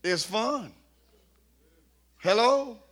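A man preaching a sermon in a humorous, playful way, coaxing the congregation and building up to shouts at his peaks. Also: sits high, expressive, very slow. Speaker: pastor.

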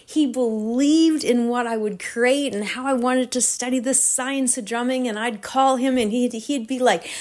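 A woman's voice: fairly high pitch, a little slow, hardly any pauses. A woman, a neuroscientist and percussionist, giving an emotional, gushing tribute. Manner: gushing and animated.

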